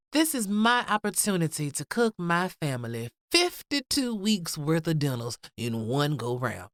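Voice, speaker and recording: A woman hosts her podcast with sassy, playful energy, her pitch jumping all over as she chats and laughs. Her voice sounds a little stuffy and nasal from the cold. The recording is close and dry, with no room sound around her. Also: fairly bright tone, no room sound. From Georgia, US. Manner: sassy, playful, laughs often, drawls endearments. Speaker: podcast host. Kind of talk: casual chatty podcast intro.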